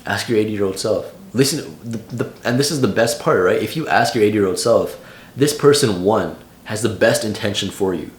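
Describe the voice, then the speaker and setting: Late-teen guy, casual vlog advice, slangy and loose, fairly low voice. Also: moderate pace, roomy sound. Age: late teens. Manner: loose, slangy, full of "like" and "bro". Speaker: vlogger.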